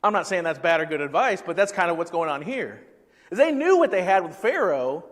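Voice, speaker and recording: Pastor, male, high voice, casual sermon delivery that quizzes the room, hall reverb. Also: very animated, fairly quick, a bit bright. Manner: conversational preaching, asks the congregation questions.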